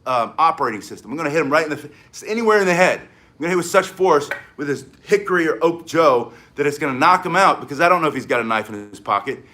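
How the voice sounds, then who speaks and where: An older man from the United States teaches stick self-defense in an excitable, energetic lesson. His voice is bright and forceful and sits a little high, and he snaps out short, emphatic commands. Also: quick pace. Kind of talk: live-streamed martial arts lesson. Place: home in South Florida.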